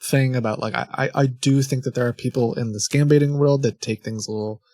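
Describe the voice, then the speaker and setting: A man's voice: mid-range voice, steady tone, brisk, mellow, no echo. A young man chatting casually on a stream, rambling and correcting himself as he goes. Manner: rambling, self-correcting with restarts and short laughs. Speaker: scam-baiting streamer.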